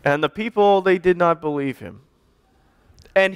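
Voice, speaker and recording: A man's voice: sits high, a little slow, fairly bright tone, clean tone. A man, a pastor, telling a children's story during a church service and directing children to act parts out.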